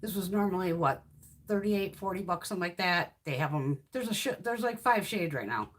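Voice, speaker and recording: On a relaxed makeup livestream, a beauty YouTuber in her fifties swatches products and tells stories with blunt, profane gusto. Her voice is on the low side and brisk.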